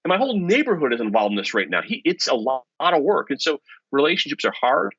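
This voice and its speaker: A middle-aged man, a professor and podcast guest, telling stories in an animated, self-deprecating way. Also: mid-range voice, fast, breathy edge, no echo. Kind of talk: storytelling in conversation. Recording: dull lo-fi podcast audio.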